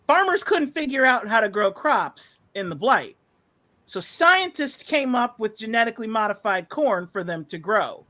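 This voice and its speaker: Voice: medium pitch, pushed and bright. Profane, sarcastic podcast host. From United States. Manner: rambling with fillers. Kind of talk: casual ranting commentary.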